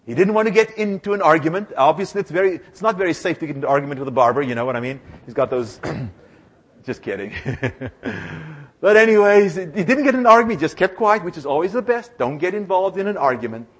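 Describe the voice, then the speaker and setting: A male preacher delivering a sermon with animated storytelling and call-and-response repetition. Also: fairly high pitch, quick pace, slightly rough.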